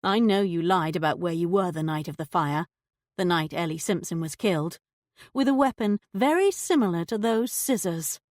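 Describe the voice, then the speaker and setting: A woman's voice: on the low side, moderate pace, darkish tone, dry recording, clean studio sound, natural voice. A woman voicing a shrewd young lady detective who questions a suspect with poised, pointed politeness. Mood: pressing.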